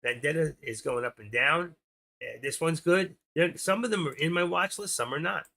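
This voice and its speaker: A man with a gravelly voice, a little high, pushed and bright, hosts a stock trading livestream. He rambles and talks fast while clicking through charts in casual live screen-share commentary.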